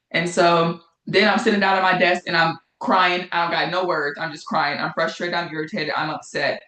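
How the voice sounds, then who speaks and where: In an echoey room, a woman teaches an informal, spoken Bible study, often repeating phrases to drive her points home. Her lowish voice is pushed and bright, with fairly even intonation, a moderate pace, and few pauses.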